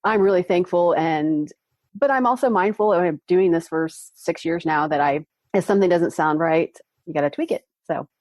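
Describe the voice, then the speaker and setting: A woman podcast host talking as a guest in a friendly, relaxed way. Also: on the low side, normal speed, dry recording. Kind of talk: casual group chat.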